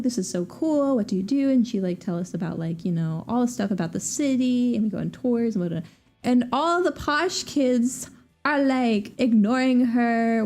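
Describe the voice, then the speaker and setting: On her livestream, a Southern US-accented woman in her twenties talks casually at a medium pitch. She's quick, lively, and rambling, full of fillers and frequent restarts.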